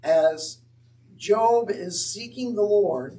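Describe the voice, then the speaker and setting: A man's voice: high-pitched, slow pace, dark tone, recorded from a distance, a little hiss or hum, low-quality recording. A man teaching on scripture in an earnest, conversational way with wry asides. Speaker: Bible teacher. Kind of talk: Bible teaching talk.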